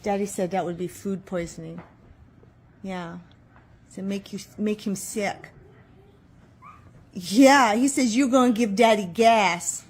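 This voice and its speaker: A woman's voice: mid-range voice, takes it slowly, long pauses, a little mellow, a little hiss or hum. A woman talking to her pet birds at home, playfully scolding and teasing them. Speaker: pet owner.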